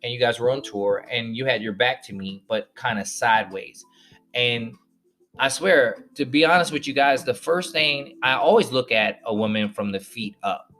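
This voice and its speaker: A man's voice: fairly low pitch, a bit bright. A man hosting a podcast, telling a personal story to listeners and acting out the voices of people in it. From northern United States. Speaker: podcast host.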